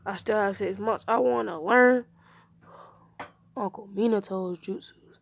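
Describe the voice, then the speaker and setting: A hot-tempered young boy ninja, eager and whiny when he pleads, as a woman storyteller puts him on. The voice is gravelly and a little husky, pitched slightly higher than her telling. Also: unhurried, highs cut off. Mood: pleading.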